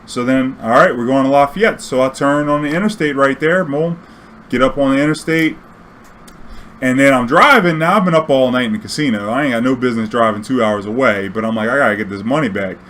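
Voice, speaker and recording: A man's voice: mid-range voice, brisk, slight background noise. A man telling a casual, profane story, acting out the dialogue as he goes. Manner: profane, animated, acts out quoted dialogue. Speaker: storyteller and streamer.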